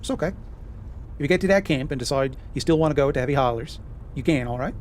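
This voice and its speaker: An actor playing a calm, fatherly fisherman with a Newfoundland accent, giving gentle folksy advice. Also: medium pitch, fast talker, a little hiss or hum, natural voice.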